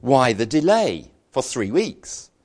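Brief: male pastor, middle-aged, animated sermon storyteller, wry humour, very expressive pitch. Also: takes it slowly. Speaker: preacher.

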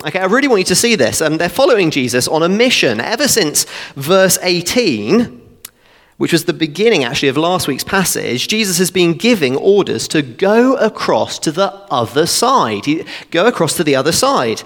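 A man delivers an animated, chatty expository sermon and keeps breaking in with joking asides. His voice sits a little high and swings up and down through a wide range. The sound carries a long reverb, as in a church hall. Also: normal speed. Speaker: preacher.

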